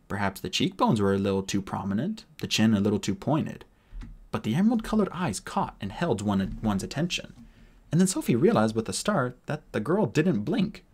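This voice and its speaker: A husky male narrator reads a fantasy novel aloud, reading in a casual, amateur style. His pitch swings in a lively way through each sentence. He voices the characters with energy. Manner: expressive, animated reading with voices. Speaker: audiobook narrator.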